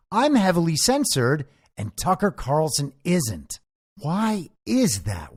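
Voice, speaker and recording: A man hosting a political commentary show, delivering an earnest, emphatic solo monologue. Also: mid-range voice.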